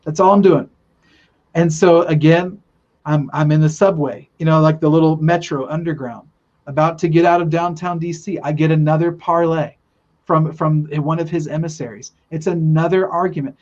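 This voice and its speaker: A man's voice: on the high side, steady tone, normal speed, darkish tone. A man earnestly telling a long spiritual story in casual podcast talk, rambling with many restarts. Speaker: guest telling a spiritual vision. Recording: dull lo-fi sound.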